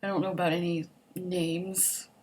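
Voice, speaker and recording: Chatty young woman vlogger, slightly low voice. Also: level tone, moderate pace, darkish tone, a little hiss or hum. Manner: chatty, upbeat, optimistic, frequent "like" and "um". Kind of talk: casual survey vlog, reading questions and answering.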